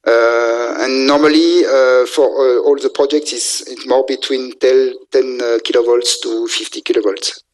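A man lecturing on engineering at a middle pitch. He talks in a halting way and keeps stopping to search for words with "uh" before starting again. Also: fairly even intonation, slight background noise, low-quality recording. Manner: halting, frequent filler sounds and restarts. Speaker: university lecturer in electrical engineering. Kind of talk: technical lecture.

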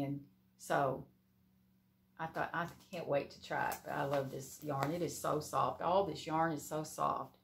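A woman's voice: low-pitched, gravelly, slight background noise. A middle-aged woman, gushing with emotion as she talks casually to camera about a gift, laughing often. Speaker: crochet vlogger.

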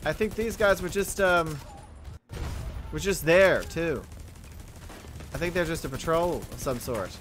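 A young man hosting a let's play, chatting excitably and joking at himself over the game. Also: a little high, unhurried, long pauses, a little hiss or hum. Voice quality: chatty, excitable, self-mocking. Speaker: gaming channel host.

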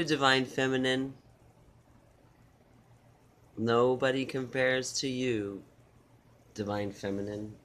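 Man, spiritual reader, unhurried, soft and tender, repetitive phrasing. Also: mid-range voice, little pitch movement. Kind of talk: channeled love messages, read slowly.

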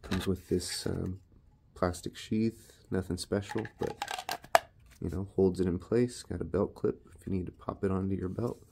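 A man's voice: low voice, steady tone, measured pace, gravelly, heavy background noise. A man casually reviewing his knives in a laid-back, rambling, self-deprecating way. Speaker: knife reviewer.

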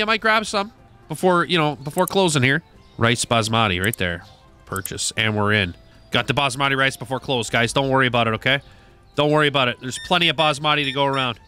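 Talking fast over faint music, a man with a medium-pitched, pushed, bright voice narrates a shop game. He's a gaming YouTuber giving playful let's-play commentary and chatting cheerily to customers as a shopkeeper would.

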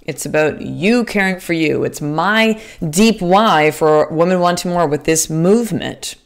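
A woman's voice: fairly low pitch, a little slow, creaky. Candid, swearing woman podcast host. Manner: candid, swears freely, restarts sentences; earnest and motivational, addresses listeners as sister. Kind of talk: casual podcast monologue.

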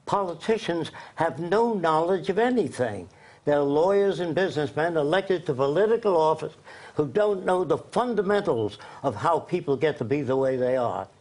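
Man lecturing hard in an interview, blunt and emphatic, voice sits a bit high. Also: darkish tone. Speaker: interview guest.

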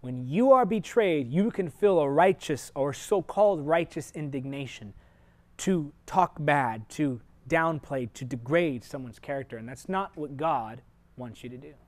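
Earnest higher-voiced male preacher. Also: a little slow. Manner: earnest, shifts sharply between loud emphasis and quiet asides; direct, personal address to viewers. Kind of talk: televised sermon teaching.

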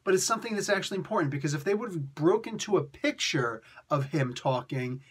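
A man with a husky, somewhat raised voice talks through a comic book review. He rambles and restarts his sentences, and his delivery stays lively and chatty the whole way. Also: a little high, fairly quick. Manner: animated, rambling, frequent fillers and restarts. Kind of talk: casual video review.

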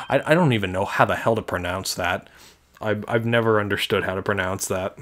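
A man's voice: lowish voice, fairly quick, fairly bright tone. A young man casually commenting on a video game he is playing, wry and self-deprecating. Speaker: let's player. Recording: faint game music behind.

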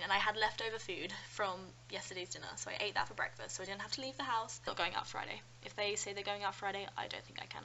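A woman's voice: mid-range voice, slight background noise, low-quality recording. A nineteen-year-old woman from London with a British accent, chatting casually in a vlog and telling stories with lots of "like" and "um". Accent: British English. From London, England. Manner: chatty, animated storytelling with frequent "like" and "um". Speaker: vlogger. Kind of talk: casual chat.

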